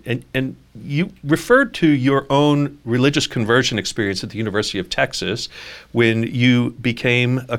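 A man hosting a radio-style interview about faith, speaking in a measured way with frequent uhs and restarts. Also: medium pitch, fairly bright tone. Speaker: host.

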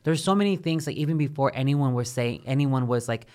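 A man co-hosting a casual recap chat, blunt and profane with quick opinions. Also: medium pitch, a little mellow, smooth. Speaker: podcast co-host.

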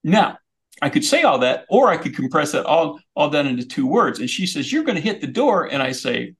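Guest comedian, man, gravelly voice, lively comic delivery. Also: fairly high pitch, normal speed. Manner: comic, animated storytelling. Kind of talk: storytelling chat.

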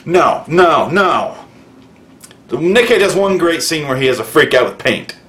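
A man's voice: a little high, very animated, a little fast, fairly bright tone. A man reviewing a movie in a furious rant, swearing constantly and bluntly listing everything he hated. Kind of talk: angry profane rant.

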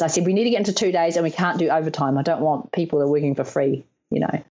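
A woman's voice: deep voice, fast, hardly any pauses, highs cut off. A woman, a stunt performer in her thirties, telling stories in a casual interview and acting out the lines of people she quotes, laughing often. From New Zealand. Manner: animated, laughing, acts out quotes.

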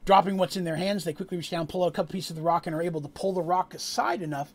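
A man narrating a tabletop game as game master, telling the story with animated asides to the players. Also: high-pitched, rapid-fire.

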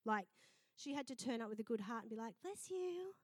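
Animated woman preaching. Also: a little high, quick pace, dry recording. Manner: lively storytelling, acting out quoted voices. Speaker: pastor. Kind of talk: sermon.

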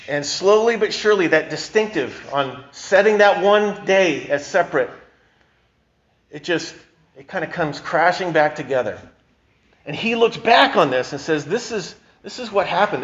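A man's voice: fairly high pitch, a bit bright, dull audio. A male pastor giving a sermon in a conversational, emphatic way, often restarting his sentences.

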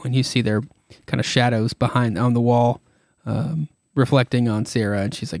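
A man's voice: mid-range voice, steady tone, normal speed, vocal fry, a little mellow, no echo, clean studio sound. Rambling casual man with tired throat. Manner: rambling, irreverent, many fillers. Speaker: podcast host. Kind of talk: casual comic-book retelling.

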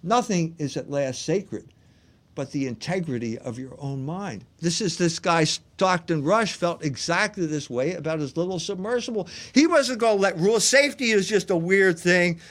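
A man's voice: fairly high pitch, lively intonation, normal speed. A man hosting a livestream, delivering an emphatic monologue full of rhetorical questions that he answers himself. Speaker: host and lecturer.

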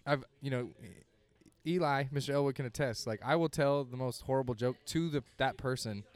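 A young man appears as a comedian guest on a casual podcast. He talks frankly and rambles, stopping and restarting his sentences as he goes. His voice sits at an ordinary middle pitch. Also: brisk. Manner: candid, rambling, hesitant restarts. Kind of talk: casual chat.

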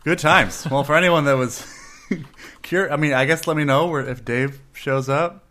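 A man's voice: a little high, moderate pace, pushed and bright. Joking, rambling man co-hosting a podcast. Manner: joking, laughs often, rambling asides. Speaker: podcast co-host. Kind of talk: casual podcast banter.

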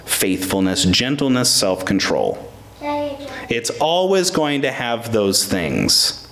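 A man's voice: on the high side, fairly bright tone. A man preaching a sermon to a congregation, emphatic, asking rhetorical questions and restarting words as he searches for them. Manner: addresses congregation members by name. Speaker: pastor.

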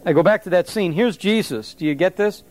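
A man preaching a sermon in a conversational, animated way, with asides to the congregation. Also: high-pitched, brisk. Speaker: pastor.

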